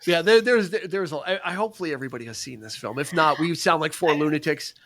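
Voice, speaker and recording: Podcast co-host, man, high lively voice, acts out scenes. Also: quick pace, a little hiss or hum. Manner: animated, acts out movie quotes with laughter. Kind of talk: casual chat.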